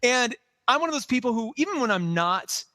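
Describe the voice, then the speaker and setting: A man co-hosting a podcast, chatting casually about tech as an animated, rambling storyteller. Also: very high voice, a little fast, no room sound. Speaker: podcast co-host.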